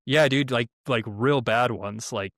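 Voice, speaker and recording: A young man telling a story on a podcast in a casual, profane, animated way, acting out quotes in raised voices. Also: medium pitch, a little slow, no room sound, clean studio sound. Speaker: podcast co-host.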